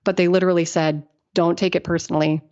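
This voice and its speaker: A middle-aged woman with a lowish voice tells stories as a podcast guest. She talks in a lively way, laughs often, and acts out the people she quotes. The audio sounds dull and lo-fi. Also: fast. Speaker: guest engineer. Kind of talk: casual interview storytelling.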